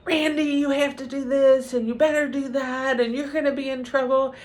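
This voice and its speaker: Woman imitating a mom yelling at her kid, high and shrill, bossy scolding. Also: level tone, moderate pace, natural voice.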